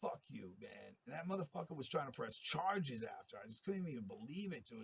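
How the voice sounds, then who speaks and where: A man's voice: mid-range voice, big pitch swings, a little fast, gravelly, few pauses, slight background noise. A man in a long, rambling monologue, talking in a profane and agitated way. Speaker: interviewee telling his story.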